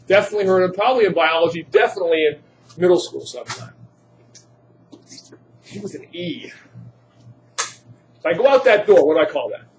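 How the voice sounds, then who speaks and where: A man's voice: sits high, expressive, fairly quick, pauses often, a little hiss or hum. A man teaching a chemistry class, quizzing students and joking in asides. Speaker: high school chemistry teacher. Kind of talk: classroom lecture.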